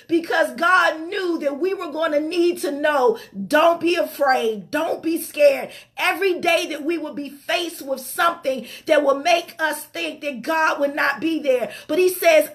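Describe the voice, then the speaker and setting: Very high-voiced woman preaching fervently. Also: fairly bright tone. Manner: passionate, repeats phrases for emphasis, slows down to stress scripture. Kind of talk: sermon.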